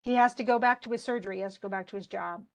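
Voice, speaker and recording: A woman's voice: medium pitch, rapid-fire, vocal fry. A woman college English instructor giving an informal lecture. She reads passages from a story aloud and comments on them in a chatty way, with many fillers and restarts.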